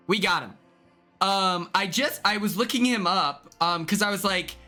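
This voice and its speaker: A young man chatting casually on a stream, excitable and laughing often. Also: high voice, measured pace, faint music behind.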